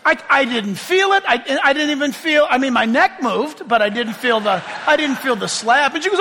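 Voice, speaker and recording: A man's voice: very high voice, expressive, brisk, few pauses, pushed and bright, big-room sound. A middle-aged man preaching a sermon as pastor, telling chatty stories with self-deprecating humor.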